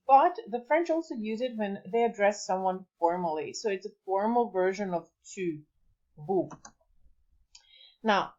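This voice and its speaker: A woman teaching a beginner language lesson, patient and clear, sounding out words slowly for the listener to repeat. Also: medium pitch, darkish tone, muffled recording. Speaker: French teacher.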